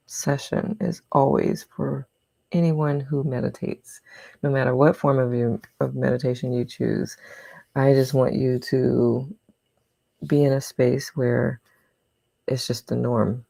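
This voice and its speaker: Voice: medium pitch, creaky, mellow, no room sound. A meditation host talking casually to a livestream audience in an encouraging, chatty way.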